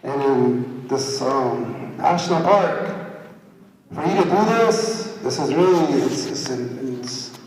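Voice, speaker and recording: A man's voice: medium pitch, animated, slow pace, background noise. Man, tribal councilman, angry public speech, repeats words, long reverb, heard from afar. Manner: angry, blunt, repeats words when heated. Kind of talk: impassioned public speech at a meeting. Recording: echoey hall sound from far off.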